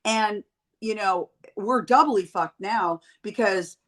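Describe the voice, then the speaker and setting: A middle-aged woman from Canada, a guest on a podcast, tells stories in a blunt and animated way and swears freely. Her pitch sits in an ordinary middle range for a woman. The tone is casual and outspoken throughout. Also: takes it slowly. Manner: blunt and profane, animated storytelling. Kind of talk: casual chat.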